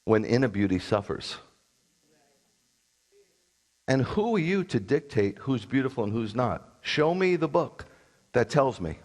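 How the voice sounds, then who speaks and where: A man's voice: mid-range voice, big pitch swings, moderate pace. A man who is a rabbi, preaching a sermon in a blunt, combative way with sarcastic asides.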